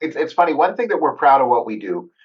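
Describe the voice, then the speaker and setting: A man's voice: mid-range voice, sing-song, fast talker, husky, dull audio. A middle-aged man hosting a podcast interview, chatting in a jokey, rambling way. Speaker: podcast host. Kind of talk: casual interview chat.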